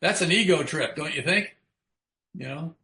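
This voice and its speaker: A man's voice: fairly high pitch, moderate pace, sharp tone, echoey room. A man speaking frankly about recovery, swearing freely and asking his listeners rhetorical questions. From United States. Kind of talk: recovery talk.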